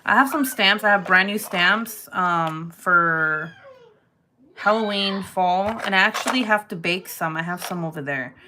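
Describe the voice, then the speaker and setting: A woman's voice: mid-range voice, unhurried, noisy background. A woman crafting vlogger chatting casually, telling stories with laughs and swearing. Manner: animated storytelling, laughing, swearing. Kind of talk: casual chat.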